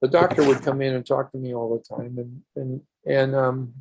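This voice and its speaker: A man's voice: medium pitch, level tone, normal speed, gravelly, a little mellow. An older man, a podcast guest, recounting a personal story earnestly in a rambling way with restarts.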